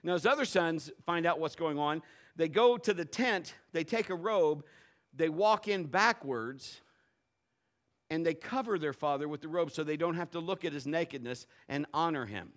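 A middle-aged man preaching a sermon as a pastor, telling a story and swinging from low murmurs to loud outbursts. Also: normal speed.

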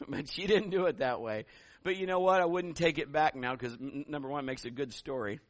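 A middle-aged man preaching a sermon as pastor, telling stories in an animated way and building to loud calls. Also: on the high side, brisk, no echo.

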